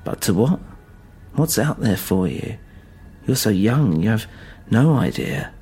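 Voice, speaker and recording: A man voicing an old dead inventor who speaks through a speaker, croaky, slow and cryptic. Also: lowish voice, big pitch swings, mellow, soft background music, full character voice. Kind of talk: audio drama narration.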